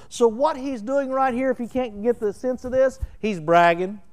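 A middle-aged man with a Southern Oklahoma accent preaching a sermon, telling folksy stories and swelling into loud, emphatic bursts as he explains scripture. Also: extremely high pitch, moderate pace, hardly any pauses. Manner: animated, folksy storytelling with laughter and emphatic swells. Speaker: pastor.

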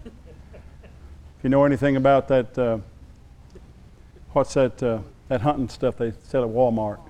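A man delivers a sermon as pastor in a medium-pitched voice, bringing a story to life by performing the voices he quotes.

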